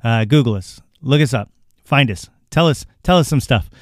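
A man's voice: medium pitch, expressive, normal speed, no echo, studio quality. A man hosting his podcast, talking casually and rambling with many filler restarts. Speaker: podcast host.

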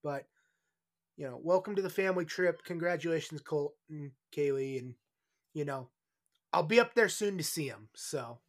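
A man's voice: fairly high pitch, moderate pace. A man hosting a casual sports podcast, joking and rambling as he chats into his own microphone. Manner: jokey, rambling. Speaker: podcast host.

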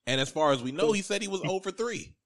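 Bright-voiced man chatting about a movie. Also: high voice, expressive, fast. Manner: retells scenes by acting out characters' lines. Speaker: podcast co-host. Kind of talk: casual movie discussion.

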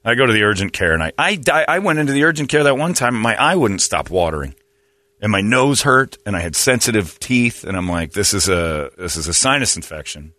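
Lively, bright-voiced man in his fifties. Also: medium pitch, a little fast, dry recording. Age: 50s. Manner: rambling, self-mocking storytelling. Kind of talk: casual comedic chat.

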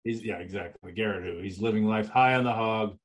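A man co-hosting a podcast in casual, crude banter, joking and teasing loudly. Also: on the low side, brisk. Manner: joking, loud teasing outbursts. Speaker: podcast co-host.

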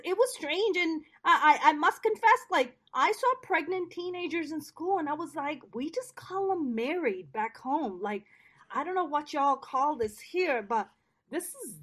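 A woman from Pakistan, a guest in a casual interview, telling stories in an animated, joking way. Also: sits high.

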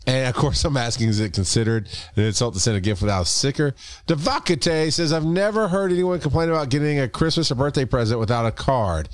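A man's voice: medium pitch, fast talker, no room sound. A man co-hosting a casual podcast, reading listener comments with playful mock indignation. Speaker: podcast co-host.

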